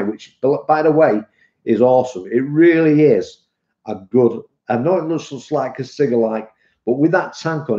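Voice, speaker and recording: A man's voice: medium pitch, mellow. A middle-aged British man chatting casually on a live stream, rambling and calling viewers "mate". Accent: British English. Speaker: vape reviewer and live streamer. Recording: muffled, echoey room.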